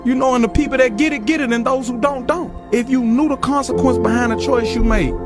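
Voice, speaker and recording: Very high-voiced man preaching self-belief. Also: fairly even intonation, fairly quick. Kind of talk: motivational speech. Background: loud music.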